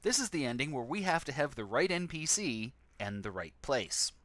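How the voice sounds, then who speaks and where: A man's voice: mid-range voice, sing-song, moderate pace, fairly bright tone. A man casually commenting on a text adventure game he plays on stream, with sarcastic, wry asides.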